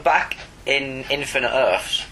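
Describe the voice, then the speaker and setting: A man's voice: mid-range voice, steady tone, takes it slowly, pushed and bright, a little hiss or hum, poor audio. A man co-hosting a casual podcast, explaining details in an informative way and chuckling often. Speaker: podcast co-host. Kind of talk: casual comic book podcast chat.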